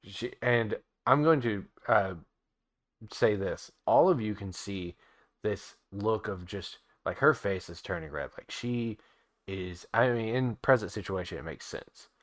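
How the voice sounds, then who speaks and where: Game master: man, low pitch, chatty, drops to a quiet murmur for narration. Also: lively intonation, a little slow. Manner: chatty, laughs often, drops his voice low when narrating.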